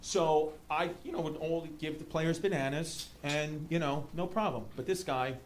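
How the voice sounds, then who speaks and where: A man from New York City with a New York accent, doing a stand-up comedy set with rambling, animated storytelling. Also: on the high side, moderate pace. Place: comedy club stage. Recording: live club room with audience noise. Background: audience laughter.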